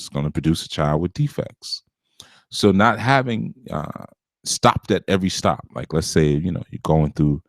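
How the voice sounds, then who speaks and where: A man's voice: deep voice, no echo, studio quality. A man teaching a spiritual class in a loose, conversational way, with frequent asides and an occasional chuckle. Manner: conversational, with frequent asides like "you know" and "you see"; chuckles now and then. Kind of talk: casual spiritual lecture.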